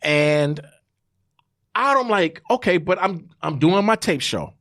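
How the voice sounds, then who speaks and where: A man telling his life story in a lively, rising-and-falling voice. He speaks like a preacher, repeating phrases for emphasis and acting out the voices in his story. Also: high-pitched, takes it slowly. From New York. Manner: acts out God's and his son's voices. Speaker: interview guest. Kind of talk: testimonial storytelling.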